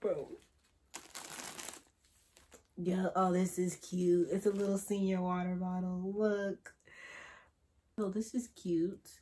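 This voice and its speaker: A teenage girl unboxing gifts in a casual vlog, excitable and gushing, swinging from loud exclamations to hushed gasps with slangy chatter. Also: on the low side, slow, long pauses, a little hiss or hum. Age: teens. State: tearful at moments. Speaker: vlogger.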